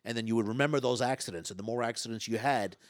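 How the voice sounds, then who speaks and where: A man, a stage hypnotist and former comedian, telling stories in an interview, talking fast and loud with lots of stammered restarts. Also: medium pitch, no room sound, studio quality. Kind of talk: storytelling interview talk.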